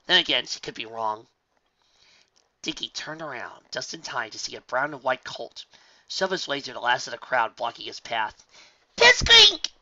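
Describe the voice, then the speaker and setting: A man narrating a fan fiction audiobook with expressive storytelling. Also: medium pitch, lo-fi sound. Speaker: reader.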